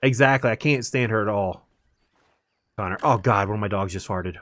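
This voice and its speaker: A man's voice: fairly low pitch, moderate pace, a bit bright, dry recording. A man chatting casually while streaming a game, rambling and laughing easily. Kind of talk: casual chat while gaming.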